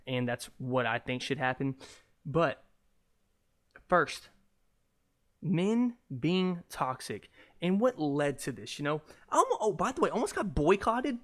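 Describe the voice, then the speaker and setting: A young man hosting a solo podcast, ranting casually, with lots of swearing and jokes. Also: mid-range voice. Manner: profane, animated, jokey. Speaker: podcast host.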